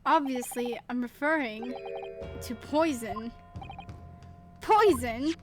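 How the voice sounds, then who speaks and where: A woman's voice: a little high, slow, over music. A woman voicing an earnest young male defense lawyer as she reads game dialogue aloud.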